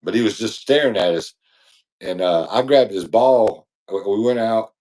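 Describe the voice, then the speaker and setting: A man's voice: lowish voice, normal speed, a little mellow. A man co-hosting a podcast, telling a long, rambling, slangy story in casual chat. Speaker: podcast co-host.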